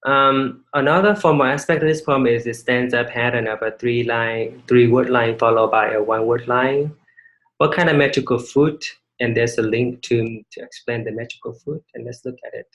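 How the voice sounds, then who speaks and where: A male English instructor leading a recorded online class, with halting speech, many restarts and rhetorical questions to students. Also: mid-range voice, steady tone, fairly bright tone, muffled recording.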